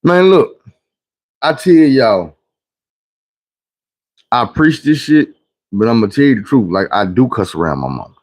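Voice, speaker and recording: A man hosting a live stream, telling stories in a casual, preachy monologue. He curses freely and swings from loud, high bursts to low, quiet asides. His voice sits at an ordinary middle pitch for a man. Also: sing-song, measured pace, long pauses. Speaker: livestream host. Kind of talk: casual livestream monologue and storytelling.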